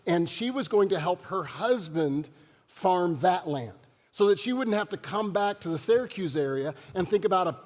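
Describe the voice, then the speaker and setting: A man preaching a sermon as pastor, in a conversational style and joking with the congregation. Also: sits high. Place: church sanctuary. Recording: long church hall reverb.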